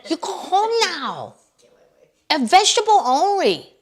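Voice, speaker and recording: A woman's voice: big pitch swings, a little slow, exaggerated voice. A woman putting on a shrieking, furious buffet owner. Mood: yelling. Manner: shrill, clipped mock accent.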